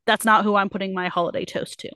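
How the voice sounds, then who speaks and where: A young adult woman co-hosting a casual book club podcast, retelling a story with lots of fillers and quick put-on quotes. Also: medium pitch, fairly even intonation, sharp tone, clear, resonant tone, no room sound. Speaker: podcast co-host.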